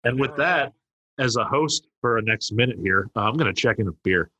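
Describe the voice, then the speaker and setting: A man's voice: medium pitch, lively intonation, a little fast, bright, forceful tone, slightly rough. A man co-hosting a casual beer podcast, reading tasting notes and making wry, sarcastic asides. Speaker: podcast co-host.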